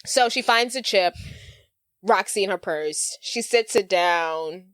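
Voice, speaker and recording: A woman's voice: mid-range voice, slow pace, no room sound. Woman animatedly recapping a movie. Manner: animated retelling, acting out characters' lines. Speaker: podcast co-host. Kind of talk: casual movie recap chat.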